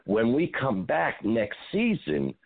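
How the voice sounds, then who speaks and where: A man, an actor, telling animated show-business stories as a radio guest and acting out what people said. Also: medium pitch, slow pace, gravelly, slightly rough, narrow, tinny audio. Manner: animated storyteller, acts out quotes.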